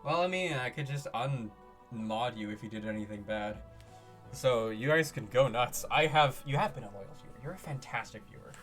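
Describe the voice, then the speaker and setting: A man streaming live, chatting casually with his viewers in an excitable way, laughing often and firing off questions. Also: mid-range voice, normal speed, faint music behind.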